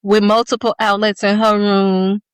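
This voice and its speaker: A woman talks in casual podcast chat, blunt and profane, spinning long stories. Her voice sits at an ordinary middle pitch. The sound is dry and close. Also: little pitch movement, normal speed, clear, resonant tone, no echo. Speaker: podcast co-host.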